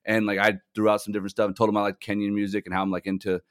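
A man's voice: fairly low pitch, little pitch movement, racing. A man co-hosting a podcast, chatting casually and telling rambling anecdotes full of "like" fillers. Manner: rambling storyteller, many "like" fillers. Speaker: podcast co-host. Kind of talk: casual chat.

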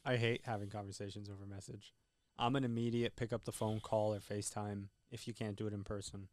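A man co-hosting a podcast in casual chat, speaking in a measured way and asking follow-up questions. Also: lowish voice, little pitch movement. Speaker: podcast co-host.

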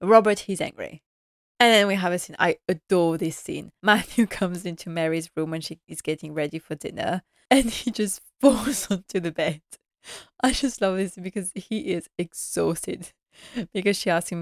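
A woman's voice: lowish voice, normal speed, dry recording, studio quality. Chatty, laughing woman reviewer. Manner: enthusiastic, chatty, laughing often; acts out characters' lines. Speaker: TV episode reviewer. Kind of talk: casual recap vlog.

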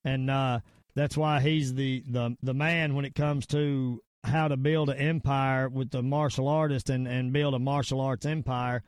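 A man's voice: medium pitch, steady tone, a little slow, no echo, studio quality. A middle-aged man with a Southern US accent, hosting a podcast and ranting in a rambling, emphatic way with repeated words. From Virginia / North Carolina area, US. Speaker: podcast host. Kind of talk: casual podcast rant and sign-off.

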